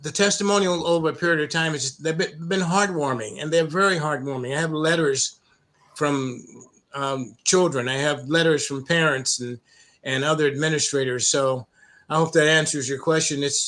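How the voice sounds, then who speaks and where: A middle-aged man from the United States, a program founder telling stories in an interview, with many restarts and an occasional cleared throat. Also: on the high side, a bit bright. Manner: halting, many restarts and repeated words. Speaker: anti-bullying program founder, guest. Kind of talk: conversational interview storytelling.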